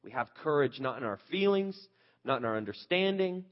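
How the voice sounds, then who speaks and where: A man's voice: medium pitch, animated, normal speed. Man, pastor, conversational sermon, candid, rhetorical questions, muffled lo-fi sound. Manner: earnest, candid, asks the listeners rhetorical questions.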